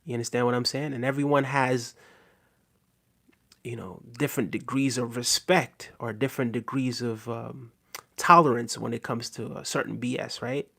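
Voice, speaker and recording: A man talks casually on a livestream, reading viewer comments and answering them in an easygoing way. His voice sits at an ordinary middle pitch, and his sentences loop back with checks like "right?" and "you know". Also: fairly even intonation, moderate pace, creaky, a bit bright. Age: adult with a daughter. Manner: laid-back, chats to viewers, often tags "right?".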